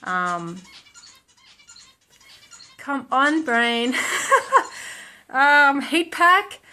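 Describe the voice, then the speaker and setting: A woman's voice: high-pitched, sing-song, drawn-out words, sharp tone. A young woman telling stories in a casual vlog, rambling with lots of ums and likes and laughing at herself. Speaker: vlogger.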